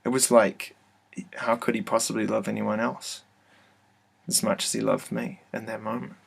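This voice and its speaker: Man, low gravelly husky voice, hesitant, soft-spoken, webcam in an office. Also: level tone, normal speed. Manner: hesitant, full of fillers and restarts, soft-spoken. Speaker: video blogger telling a personal story. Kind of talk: casual first-person testimony. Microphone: computer webcam mic.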